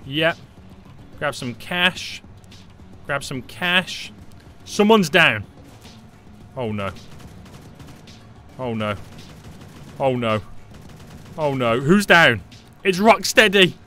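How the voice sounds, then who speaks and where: A man commentates a game live in a bright, forceful voice that leaps around in pitch. He panics easily and repeats short phrases over and over. Faint game music plays behind him. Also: lively intonation, very slow, pauses often. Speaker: gaming YouTuber.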